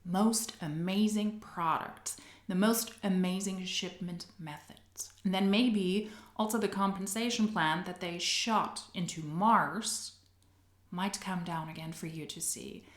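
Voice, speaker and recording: A woman's voice: lowish voice, slow, echoey room. Sarcastic woman mocking a sales call. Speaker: commentary video creator. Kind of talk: sarcastic reaction commentary.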